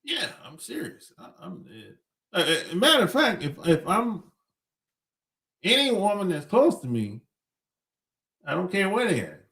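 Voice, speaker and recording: A man's voice: high-pitched, sing-song, a little slow, creaky, pauses often, fairly bright tone. A middle-aged man hosting a podcast, talking bluntly in a casual opinionated monologue, chuckling between points. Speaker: podcast host.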